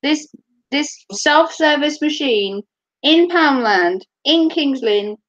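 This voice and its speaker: A woman's voice: sits high, lively intonation, slow, a bit bright, dull audio. A woman chatting casually to camera as a vlogger, giggly and teasing.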